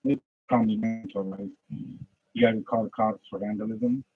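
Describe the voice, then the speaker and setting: A husky, gravelly man delivers a fired-up, preachy rant for a practice podcast. He swings from loud outbursts to low, mumbled asides. The home recording sounds dull and lo-fi. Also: moderate pace, long pauses, no echo. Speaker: aspiring podcaster. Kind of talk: practice podcast monologue on faith.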